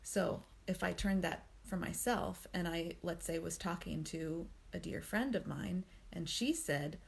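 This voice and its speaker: A woman hosting a daily mindfulness reading, talking in a gentle, unhurried way with frequent ums. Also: on the low side, vocal fry, breathy edge. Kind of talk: reflective spoken commentary on a book reading.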